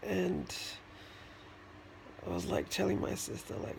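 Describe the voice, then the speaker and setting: High, gravelly-voiced man telling a story. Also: big pitch swings, background noise. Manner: halting and rambling, many restarts and fillers. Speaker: vlogger. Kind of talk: casual personal storytelling.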